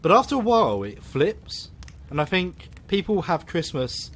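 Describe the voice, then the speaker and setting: A man hosting a film podcast, reviewing films and chatting casually with a sarcastic, animated delivery. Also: high voice, moderate pace, slight background noise. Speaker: podcast host.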